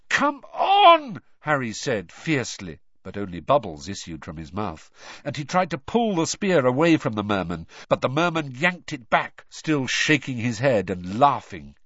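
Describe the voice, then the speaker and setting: Male audiobook narrator, expressive with lively pitch, dry booth with a dull, muffled tone. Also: no echo. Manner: expressive storytelling. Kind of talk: scripted narration of a novel.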